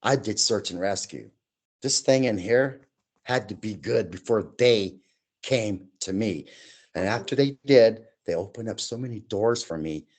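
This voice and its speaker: A man in his sixties, a guest telling his own stories in a casual chat, animated and acting out voices and sounds as he goes. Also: fairly low pitch, measured pace. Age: 60s.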